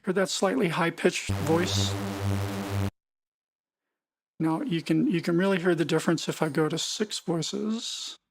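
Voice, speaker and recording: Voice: medium pitch, measured pace, vocal fry, long pauses. A music production tutor walking through synth settings in a casual, explanatory way, often repeating words and correcting themselves mid-sentence. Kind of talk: screen-recorded software tutorial.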